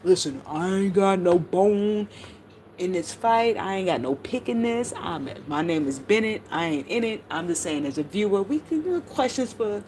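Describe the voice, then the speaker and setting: A woman's voice: medium pitch, big pitch swings, normal speed, hardly any pauses, darkish tone, slight background noise, low-quality recording. A middle-aged woman streaming, chatting casually and bluntly about online drama, gossipy and full of profanity. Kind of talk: casual livestream chat.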